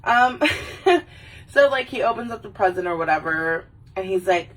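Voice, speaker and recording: A woman's voice: mid-range voice, lively intonation, moderate pace. A woman hosting a casual livestream, rambling about movies, laughing and swearing as she goes. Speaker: livestream host. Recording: voice a little far from the mic.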